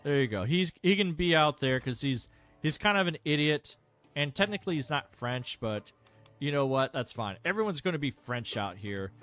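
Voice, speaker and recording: A man talks through his strategy game in a loose, rambling way, full of fillers and self-mocking asides. His pitch jumps around a lot, and faint music plays underneath. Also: animated, moderate pace, a bit bright. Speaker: gameplay streamer. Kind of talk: casual gameplay commentary.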